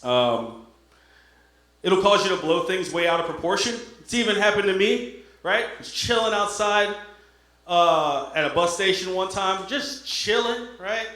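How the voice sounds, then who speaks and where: A man's voice: high-pitched, unhurried, sharp tone. A young man doing a stand-up comedy set, talking in a loose, conversational way and checking in with the crowd. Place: comedy stage in an echoey room. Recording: echoey room.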